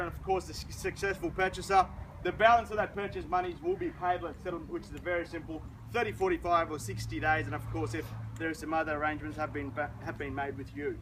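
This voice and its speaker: High-voiced Australian auctioneer working a crowd. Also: male voice, a bit bright, slight background noise, low-quality recording. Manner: showy, salesman-like, addresses the crowd. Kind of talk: outdoor auction patter. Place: outdoors at a house auction.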